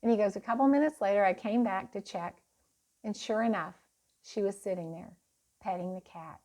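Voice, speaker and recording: A woman's voice: medium pitch, normal speed, dark tone. A woman teaching parents in a casual, chatty way, telling stories with a laugh and speaking of faith.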